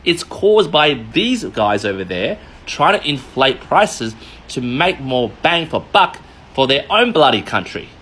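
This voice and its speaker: A man's voice: medium pitch, big pitch swings, measured pace, a bit bright, slight background noise. An Australian man, a mortgage broker, ranting sarcastically in a commentary vlog with emphatic rhetorical questions.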